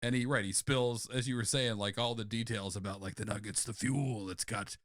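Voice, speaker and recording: Giggly gravelly man brainstorming. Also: medium pitch, fairly even intonation, fairly quick, no room sound, studio quality. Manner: giggly, rambling, enthusiastic. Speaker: podcast co-host. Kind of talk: comedic brainstorming chat.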